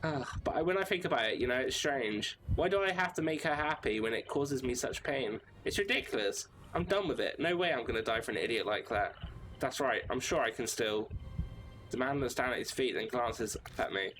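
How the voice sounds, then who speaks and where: A man's voice: medium pitch, lively intonation, a little fast, noisy background, natural voice. A man voicing a despairing, angry office worker who rants and curses bitterly in a horror visual novel. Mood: anguished. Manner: bitter, cursing, ranting.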